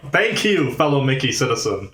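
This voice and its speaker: A man co-hosting a casual podcast, retelling a book scene and acting out the characters with loud exclamations. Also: medium pitch, big pitch swings, normal speed. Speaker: podcast co-host. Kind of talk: casual chat. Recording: roomy echo.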